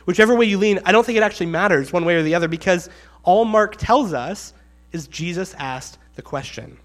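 Conversational preacher with a raised pitch. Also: male voice, lively intonation, brisk. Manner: conversational, acts out quotes with rising emphasis. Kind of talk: sermon.

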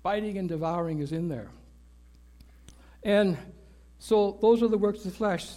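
A man's voice: high voice, unhurried, warm tone. A man preaching a conversational sermon, repeating key words for emphasis and checking in with his listeners. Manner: conversational teaching, checks in with "right?" and "okay?". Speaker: pastor.

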